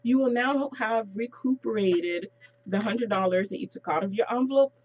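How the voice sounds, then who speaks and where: A woman with a fairly high voice leads a casual sales training. She explains the money side step by step, friendly and practical, and drops quick asides along the way. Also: darkish tone, lo-fi sound.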